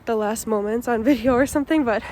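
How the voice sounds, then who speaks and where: A woman's voice: a little high, fast, a little mellow, slight background noise. A woman, sick with a stuffy nose under a mask, gushing emotionally while vlogging to a handheld phone. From Chicago, USA. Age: late 20s. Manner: emotional, gushing, repeated exclamations. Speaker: vlogger, departing English teacher. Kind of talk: handheld vlog talking to camera. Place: school grounds at night, partly outdoors.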